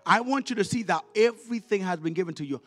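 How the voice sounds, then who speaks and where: A male evangelist preaching a fiery sermon in a church, leading call-and-response and swinging from quiet words to shouted, repeated lines. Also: high-pitched, animated, quick pace. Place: church sanctuary. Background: faint music from the musicians.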